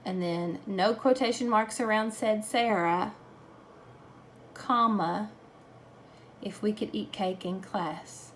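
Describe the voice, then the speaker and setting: A woman giving a grammar lesson at a slow, careful pace. Her voice has a gravelly, creaky edge, and faint noise sits under it. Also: mid-range voice. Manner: slow, patient explaining. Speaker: teacher.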